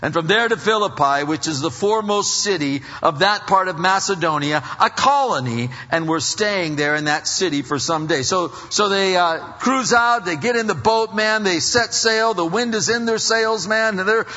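A man's voice: high voice, moderate pace, hardly any pauses, bright, forceful tone, big-room sound, highs cut off, soft background music. A man preaching a sermon in a folksy, conversational way, full of fillers and restarts. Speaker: pastor.

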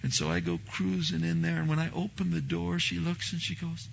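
A man preaching a sermon as a pastor, telling stories in an animated way and acting out the dialogue. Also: a little high, brisk, creaky, few pauses, dull audio, a little hiss or hum. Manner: animated storytelling, acts out dialogue, repeats words.

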